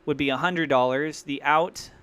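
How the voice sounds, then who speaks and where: A man hosting a crypto livestream, rambling and thinking out loud in an excitable way. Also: on the high side, moderate pace, clear, resonant tone. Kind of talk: live-streamed crypto commentary.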